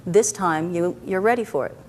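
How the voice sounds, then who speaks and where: A woman practitioner guiding a client through a therapy session, asking gentle, coaxing questions and checking in often. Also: fairly low pitch, normal speed. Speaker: EFT practitioner.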